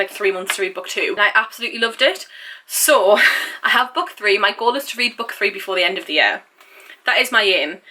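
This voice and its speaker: A woman's voice: fairly high pitch, bright, forceful tone. A young woman chatting casually and enthusiastically through a book haul, laughing and adding asides. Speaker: booktuber.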